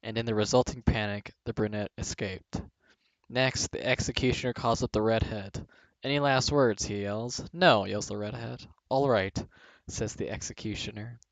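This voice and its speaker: A man's voice: on the low side, normal speed, vocal fry, no echo. Man reading jokes, laughing between lines. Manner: breaks into laughter mid-sentence. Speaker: video host reading jokes aloud. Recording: dull, dry home recording.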